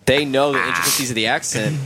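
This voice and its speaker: A man's voice: medium pitch, fast talker, bright, forceful tone, slight background noise. A man chatting casually and expressively with friends. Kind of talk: casual chat.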